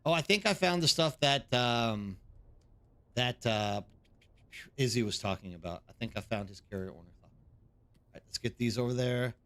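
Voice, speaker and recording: A man's voice: mid-range voice, expressive, normal speed, long pauses, fairly bright tone. A man hosting a live game stream, chatting casually and rambling while greeting viewers by name. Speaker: streamer host.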